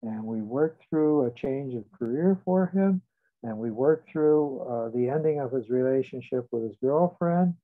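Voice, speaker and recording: An older man, a psychotherapist, calmly tells stories from his practice and repeats past conversations. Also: medium pitch. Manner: measured, recounting dialogue with shifts in loudness. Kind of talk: reflective storytelling. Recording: tinny phone-like line.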